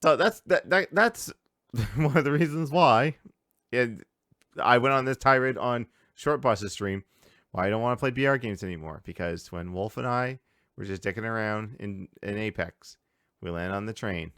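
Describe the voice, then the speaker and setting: A man's voice: medium pitch, moderate pace, dry recording, clean studio sound. A man from Canada hosting a podcast from home, ranting loosely and swearing as he talks about games. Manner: swearing, animated rants. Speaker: podcast host. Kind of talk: casual chat.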